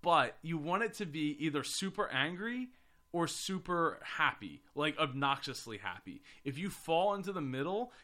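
A man's voice: a little high, sing-song, moderate pace, sharp tone. A man hosting a podcast in casual chat, rambling with fillers and restarts. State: voice getting hoarse. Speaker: podcast host.

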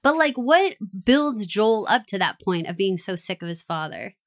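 A woman co-hosting a casual TV recap podcast, animated and laughing often, acting out quoted lines. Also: mid-range voice, moderate pace. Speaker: podcast co-host.

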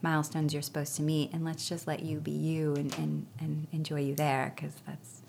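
Lively woman telling family stories. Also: low-pitched, moderate pace, gravelly, slight background noise. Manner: animated storytelling with laughs and acted-out quotes. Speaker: guest parent. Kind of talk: casual interview chat.

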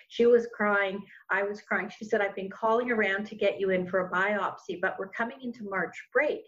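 A woman's voice: medium pitch, fairly even intonation, normal speed, hardly any pauses. A middle-aged woman, a podcast guest telling her story in an earnest, rambling way with many restarts. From Canada. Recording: dull lo-fi sound.

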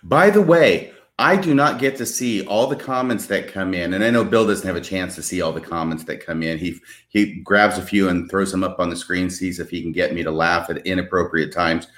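A man's voice: low voice, fairly quick, few pauses, a bit bright, roomy sound. A man co-hosting a live show, playful and effusive, joking between remarks. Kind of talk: casual live show banter.

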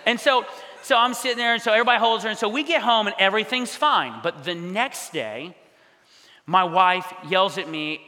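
Bright-voiced man preaching in a hall. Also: high-pitched, normal speed. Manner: animated, acts out quoted voices. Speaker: pastor. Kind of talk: storytelling sermon. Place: church hall. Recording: long hall reverb.

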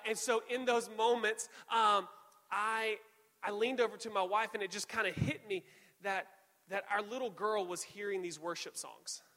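A young man preaching a sermon, telling a personal story with animated, self-deprecating humor. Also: sits high. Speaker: pastor. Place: church auditorium. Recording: church hall reverb.

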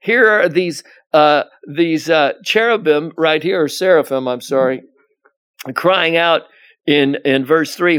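High-voiced man teaching the Bible. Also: slow pace, a bit bright, smooth. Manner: rambling, frequent "you know" and restarts; reads scripture aloud with emphasis. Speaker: pastor.

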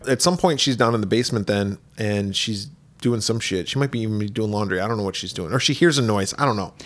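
A man's voice: fairly low pitch, fast. A middle-aged man co-hosting a casual movie podcast, acting out characters' lines as he talks. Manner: animated storyteller who acts out characters' lines. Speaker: podcast co-host. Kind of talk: casual chat about movies.

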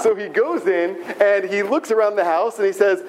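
Man, rabbi, animated storytelling sermon, higher pitch for a man. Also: moderate pace, hardly any pauses, heavy background noise.

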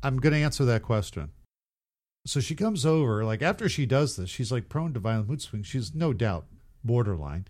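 A man's voice: mid-range voice, very animated, normal speed, darkish tone. Man, podcast co-host, casual chat, rambling, profane, laughs at his own story.

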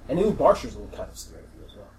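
Lively man running a tabletop game. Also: medium pitch, slight background noise, low-quality recording. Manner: animated, laughing, quick rephrasing. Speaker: game master.

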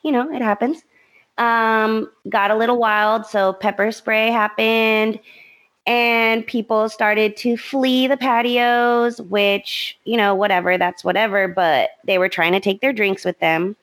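A young woman co-hosting a podcast, telling a story in a casual, animated way, acting out what people said. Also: on the high side, unhurried. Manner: animated storytelling with frequent laughs and quoted voices. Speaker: podcast co-host. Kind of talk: casual chat.

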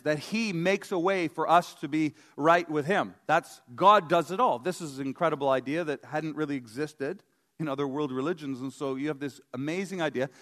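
A man preaching a sermon as pastor, in a conversational, joking way with emphatic stresses. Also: a little high.

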